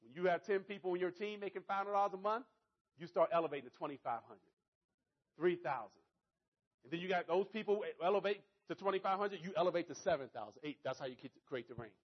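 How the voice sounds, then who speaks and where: A high-pitched man delivers an energetic motivational talk, repeatedly checking in with his listeners. The recording is dull and lo-fi, with muffled highs. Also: fast. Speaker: motivational speaker.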